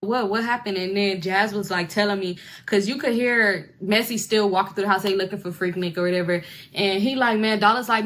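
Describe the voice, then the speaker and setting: A woman's voice: mid-range voice, steady tone, normal speed, a bit bright. A young woman tells a long, chatty storytime full of slang and acted-out quotes from relatives. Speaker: storyteller in a reacted video. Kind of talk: casual storytime.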